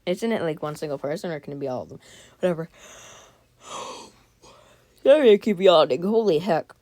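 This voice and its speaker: Read like a woman sharing a spooky story with her viewers, voice set a little low for a woman, the sound dry and close with no room around it. She keeps breaking off mid-sentence for jokes and quick apologies, then drops back into the story. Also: animated, dark tone, dry recording. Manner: breaks off reading to joke, comment and apologize. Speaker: channel host reading a scary story aloud. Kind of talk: casual read-aloud with chatty asides.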